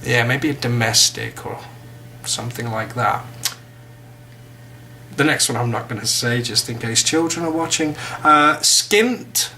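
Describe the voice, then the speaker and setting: Bright-voiced English man teaching. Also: medium pitch, unhurried, a little hiss or hum. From England. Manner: chatty, joking asides. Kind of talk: casual vocabulary lesson.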